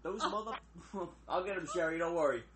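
A man's voice: high-pitched, normal speed, fairly bright tone. A man hosting a podcast, joking and teasing his guests and laughing often. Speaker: podcast host. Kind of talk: casual chat.

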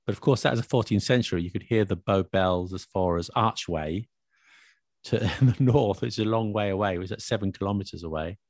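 A low-pitched man, talking in a relaxed, explanatory way. His voice has a gravelly edge. The recording is dry and close. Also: fairly quick, no room sound. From England, north London area. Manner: explanatory, chatty, laughs often. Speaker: language video maker discussing accents. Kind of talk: casual conversational chat.

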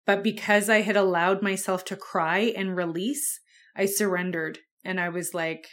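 A woman's voice: medium pitch, moderate pace, fairly bright tone. A young woman hosting a podcast, telling a personal story in a candid, conversational way, with fillers and the odd curse. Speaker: podcast host.

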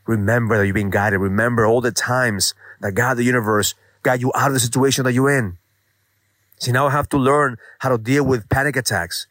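A man's voice: mid-range voice, steady tone, fairly quick, a bit bright, no echo. A man in his forties hosting a daily motivational show, telling a personal story and urging listeners on in an earnest, emphatic way, with some swearing. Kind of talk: motivational monologue.

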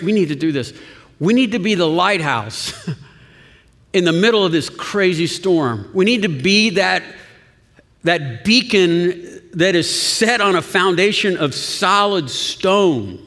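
A man's voice: sits high, fairly bright tone. A man preaching a sermon as pastor, talking in a conversational way with chuckles and restarts. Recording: long reverb of a church hall.

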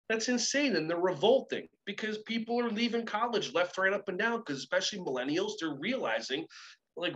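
A man who works as a keynote speaker, telling animated stories and acting out the voices of the people in them. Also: high voice, fairly quick, muffled recording, a little hiss or hum. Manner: lively, acts out voices in his anecdotes. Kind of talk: animated storytelling chat.

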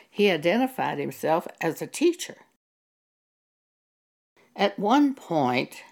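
Slow, gravelly-voiced woman preaching. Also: deep voice. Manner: measured and earnest, quoting scripture. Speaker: Christian teacher giving a testimony. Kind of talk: slow spoken testimony with scripture.

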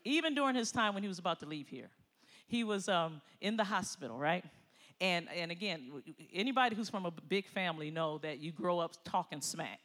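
A middle-aged woman preaching a sermon, moving between quiet personal stories and loud exhortation. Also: fairly low pitch, a little fast. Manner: animated, swings from quiet storytelling to loud exhortation, laughs often. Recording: long hall reverb.

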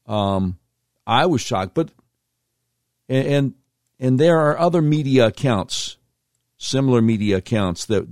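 A man's voice: on the low side, a little mellow, no room sound, studio quality. A middle-aged man hosting a talk radio show, commenting with emphatic, incredulous asides.

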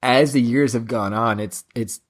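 A man's voice: mid-range voice, moderate pace. A man hosting a casual chat about films, enthusiastic and full of filler words. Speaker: podcast host.

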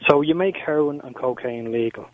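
Man, radio caller, insistent, lecturing, fast talker, phone line sound. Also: on the high side.

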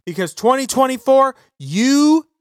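A male podcast host on a profane political rant, his pitch swinging widely as he hammers his points home. He sounds close and dry on his microphone, with no room sound. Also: unhurried, smooth, dry recording. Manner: swearing, ranting, animated and emphatic.

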